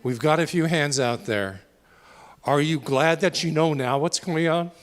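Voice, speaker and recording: In a reverberant town hall meeting room, with a faint crowd audible, a man of fairly high pitch talks at a measured pace. He's the organizer, earnestly speaking to the audience and putting questions to them.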